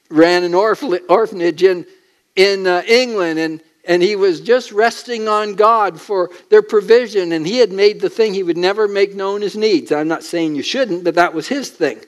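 A man with a notably high voice preaches a sermon. He speaks with emphasis and keeps putting questions to his listeners. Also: moderate pace.

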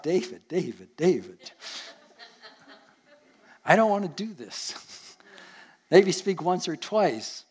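An older man with a Canadian accent and a somewhat high voice preaches a sermon as a pastor. He earnestly tells stories from his own life and now and then chuckles at himself.

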